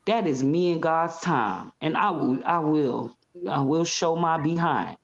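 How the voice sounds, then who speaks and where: Low woman guest telling stories all animated, kinda muffled audio. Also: measured pace. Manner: animated, expressive, acts out scenes. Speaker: interview guest. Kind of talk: casual interview storytelling.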